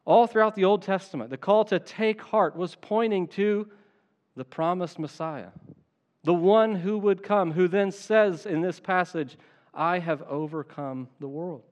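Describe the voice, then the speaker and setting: A man preaching a sermon as pastor, earnest and emphatic, slowing down to stretch key phrases. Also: high voice, darkish tone, long reverb tail, highs cut off.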